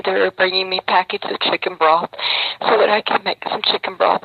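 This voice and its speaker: A woman speaking slowly and wearily, close to tears, her mouth sore from missing teeth, talking in a live video from prison. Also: medium pitch. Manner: slow, weary, close to tears. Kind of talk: emotional live video testimony. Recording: dull lo-fi phone video with faint noise.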